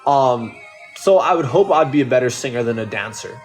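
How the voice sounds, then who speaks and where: A man's voice: medium pitch, expressive, fairly quick, soft background music. A Canadian man with a Canadian accent, chatting casually on a livestream and reading out his chat, loose and profane with many restarts. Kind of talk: casual live-stream chat.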